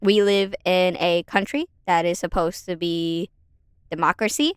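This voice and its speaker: A woman with a lowish, steady, smooth voice speaks at a measured pace, recorded into a desk mic with clean studio sound and no room noise. As a commentary YouTuber doing casual reactions at home, she's chatty and sarcastic, pausing now and then to talk to her cat.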